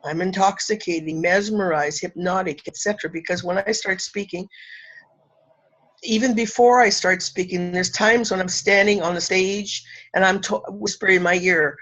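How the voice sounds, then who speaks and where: A woman from Canada, a spiritual teacher and speaker, talking effusively and emotionally in an interview, laughing often and pausing for effect. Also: mid-range voice, fairly even intonation, a bit bright, poor audio. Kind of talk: casual interview talk.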